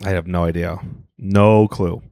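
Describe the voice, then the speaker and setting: A man's voice: low-pitched, fairly even intonation, a little slow, a little mellow, no echo. A man co-hosting a comedy podcast, telling rambling stories and acting out quotes, grumbling that he hates everything. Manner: rambling storyteller who acts out quotes; grumpy self-declared hater. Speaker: podcast co-host. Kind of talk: casual comedic chat.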